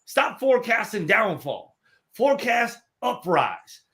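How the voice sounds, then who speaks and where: Lively high-voiced upbeat man. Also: takes it slowly. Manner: upbeat, motivational, playful. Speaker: co-host. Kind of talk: casual chat.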